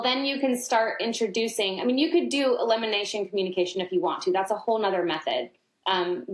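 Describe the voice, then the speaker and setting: A middle-aged woman talks as an interview guest about potty training. She tells her stories with energy and jumps into high playful voices when she quotes her toddler. Her voice carries a noticeable roomy echo. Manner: animated storyteller, acts out her toddler in a high voice. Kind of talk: casual interview talk.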